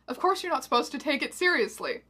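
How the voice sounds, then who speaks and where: A woman voicing an exasperated young male troll who talks flatly and matter-of-factly. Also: sits high, fast, voice pushed up, heavily acted. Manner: flat, exasperated, matter-of-fact.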